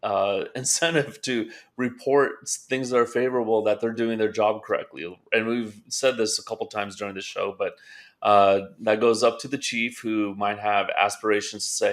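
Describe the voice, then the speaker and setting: A man's voice: fairly low pitch, steady tone, normal speed. A man co-hosting a political talk show, explaining his views steadily and asking rhetorical questions. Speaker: podcast co-host. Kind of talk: political commentary chat.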